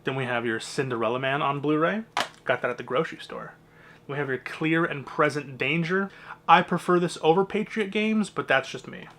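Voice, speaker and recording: A young man with a voice that sits a little on the high side. He talks in a loose, rambling way, tossing out opinionated asides as he moves from one item to the next. His delivery is casual and conversational, like an unscripted home vlog. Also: moderate pace, a bit bright, a little hiss or hum. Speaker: movie collector vlogger. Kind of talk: casual collection walkthrough.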